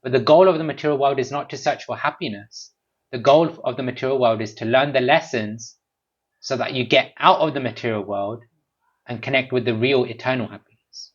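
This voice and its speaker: A man giving a devotional talk at a home gathering, animated and lively, sometimes acting out small scenes. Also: mid-range voice, a little fast, husky. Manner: animated, acts out little scenes with raised voice. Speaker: speaker at a home program. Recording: dull lo-fi recording.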